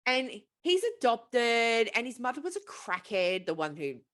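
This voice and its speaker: A woman's voice: on the high side, sing-song, measured pace, a bit bright. A woman co-hosting a casual podcast, retelling a film plot in a profane, rambling way. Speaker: podcast co-host.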